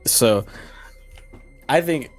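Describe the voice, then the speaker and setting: A drunk man hosting a casual stream sign-off, rambling, swearing and breaking into high laughter, hiccuping now and then. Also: lively intonation, extremely slow, faint music behind. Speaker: streamer and host.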